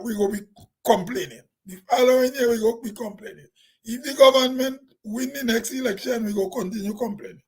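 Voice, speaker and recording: A man's voice: very high voice, fairly quick, slightly rough, low-quality recording. A Grenadian man talking plainly in a casual, rambling vlog monologue, laughing to himself now and then. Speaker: vlogger.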